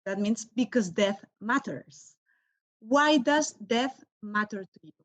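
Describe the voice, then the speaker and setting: A woman's voice: fairly high pitch, slow pace. A woman interviewer whose first language is Spanish, asking questions hesitantly and searching for words with many fillers. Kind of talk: conversational interview.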